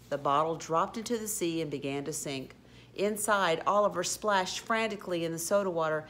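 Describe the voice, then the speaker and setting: A woman reading a children's storybook aloud, expressive with occasional slips and restarts. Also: lowish voice, moderate pace. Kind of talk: storybook read-aloud narration.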